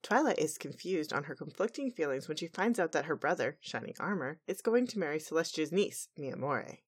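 A woman's voice: deep voice, expressive, brisk, breathy edge. A woman co-hosting a podcast, recapping a cartoon episode in a chatty, laid-back way. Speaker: podcast co-host.

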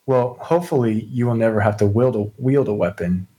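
A man's voice: medium pitch, a little fast, mellow, natural voice, low-quality recording. A man voicing a polite, cautious young woman adventurer who speaks thoughtfully. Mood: careful.

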